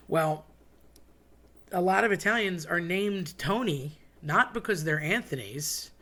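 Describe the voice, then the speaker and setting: A man talks in a loose, chatty monologue, wandering into side stories and wry asides. His voice sits a little high for a man. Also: fairly bright tone. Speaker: host. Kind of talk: casual monologue.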